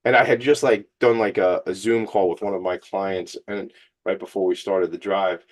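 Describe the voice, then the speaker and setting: Upbeat New radio host, man in his 40s, low voice, motivational and jokey. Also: steady tone, normal speed. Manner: fired-up, joking, motivational. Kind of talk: energetic radio monologue.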